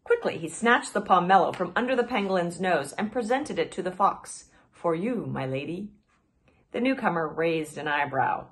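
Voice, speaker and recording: A woman, a children's author, reading her book aloud with expressive storytelling. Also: fairly low pitch, normal speed, hardly any pauses.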